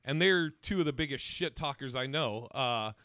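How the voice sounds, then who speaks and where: A man hosting a casual comedy podcast, telling stories in an animated way, laughing and swearing. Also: medium pitch, normal speed, dry recording, studio quality. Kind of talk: casual chat, storytelling.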